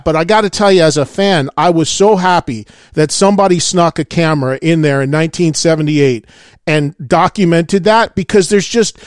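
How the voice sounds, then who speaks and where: A man's voice: high-pitched, no echo, clean studio sound. A man hosting a radio interview, talking as an enthusiastic fan and telling stories with animation. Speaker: radio host. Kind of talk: casual interview chat.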